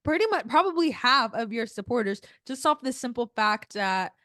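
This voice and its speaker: A woman's voice: fairly high pitch, animated, normal speed, sharp tone, dry recording, clean studio sound. A young woman co-hosting a casual chat show, recapping a TV episode bluntly and with exasperation, with heavy fillers. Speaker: podcast co-host.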